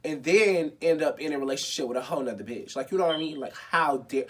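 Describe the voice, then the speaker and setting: A young man in his twenties tells a personal story in a casual vlog, dramatic and expressive, swearing freely and saying "like" a lot. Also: a little high, rapid-fire. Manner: dramatic, expressive and profane, with lots of filler "like". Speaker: vlogger.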